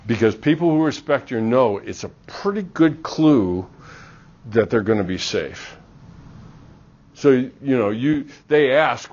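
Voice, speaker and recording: Man, middle-aged, university lecturer; animated, plays out dialogues; lo-fi classroom recording. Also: medium pitch, a little slow. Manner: animated, acts out little dialogues.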